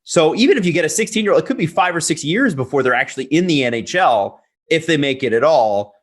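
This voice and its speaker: A man co-hosting a podcast in casual chat, asking quick questions. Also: a little high, expressive. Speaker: podcast co-host.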